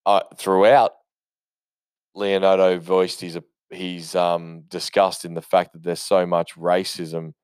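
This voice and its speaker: A man's voice: low voice, little pitch movement, slow, darkish tone, clear, resonant tone, no room sound, clean studio sound. A man giving casual, rambling movie commentary, full of swearing and fillers and eager about what he loves. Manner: rambling, profane, enthusiastic storytelling with many fillers.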